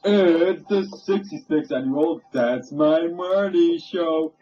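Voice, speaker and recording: Man putting on cheesy TV quiz announcer, mellow low tone, lo-fi with faint music. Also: slow, recorded from a distance. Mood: hammy. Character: cheesy male game show announcer. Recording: dull lo-fi home recording with faint music.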